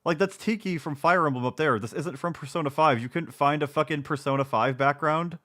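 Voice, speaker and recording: A male streamer with a fairly quick, somewhat bright, higher-pitched voice provides live commentary on a video he's watching. He mocks it sarcastically and swears often.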